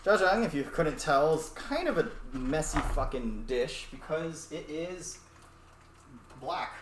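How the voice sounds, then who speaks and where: A man's voice: on the high side, animated, takes it slowly. A young man streaming while he cooks in his home kitchen, chatting casually in a rambling, profane way, picked up by a distant mic. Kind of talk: casual cooking stream chat. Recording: echoey room, distant mic, faint noise.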